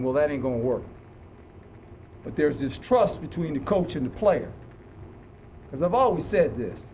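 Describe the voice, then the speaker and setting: A man's voice: high-pitched, a little mellow, a little hiss or hum, low-quality recording. An older man, a head football coach, answering reporters after practice in an earnest way, often repeating words as he starts a sentence. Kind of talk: post-practice press conference.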